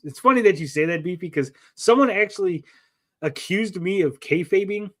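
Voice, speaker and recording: A man's voice: sits high, normal speed. A man hosting a casual livestream, rambling and joking as he reads out chat messages. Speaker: livestream host.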